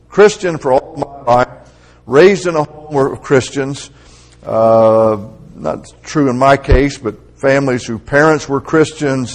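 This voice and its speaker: A man's voice: medium pitch, slow pace. A middle-aged man preaching a conversational sermon, building to emphatic, raised peaks.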